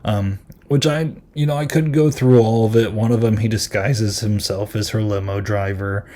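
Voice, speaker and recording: A man's voice: on the low side, fairly even intonation, normal speed, mellow. A man hosting a podcast and reviewing a film in casual chat, rambling and amused, with lots of ums and likes.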